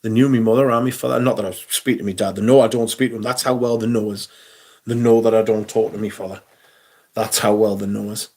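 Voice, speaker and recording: A man's voice: fairly low pitch, fast. Sweary man telling a story. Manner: swearing, animated anecdote with quoted voices. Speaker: livestream host. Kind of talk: casual livestream storytelling.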